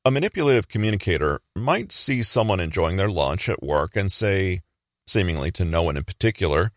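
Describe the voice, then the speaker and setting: A man giving a measured, explanatory scripted narration. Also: sits low, sing-song, no room sound, studio quality.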